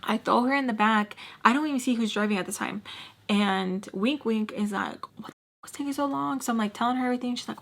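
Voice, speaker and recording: A young woman with a slightly high voice spins a storytime for her viewers, slangy and animated, tossing in fillers and quick asides as she goes. She sounds like a casual vlogger chatting straight to camera.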